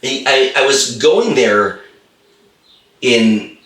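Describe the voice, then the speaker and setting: A man's voice: mid-range voice, animated, extremely slow, fairly bright tone, reverberant, far from the mic. A middle-aged man, a holistic chiropractor and guest, telling a story with enthusiasm and repeating phrases for emphasis. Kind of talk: animated storytelling in a conversation.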